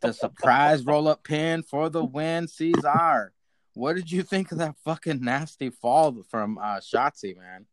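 A man's voice: a little high, unhurried, background noise. A man hosting a casual podcast, recapping matches play by play, swearing and joking with his co-hosts. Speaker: podcast host.

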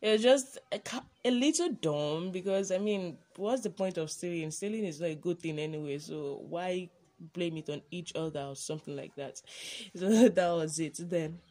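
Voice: medium pitch, normal speed, mellow. A podcast host, chatting casually and rambling through a monologue with many ums and self-corrections.

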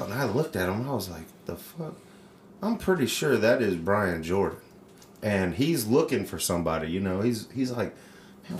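Deep-voiced man telling stories in a roomy space. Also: a little hiss or hum. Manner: animated, swears freely, acts out voices in stories. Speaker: podcast co-host. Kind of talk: casual storytelling chat. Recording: roomy echo.

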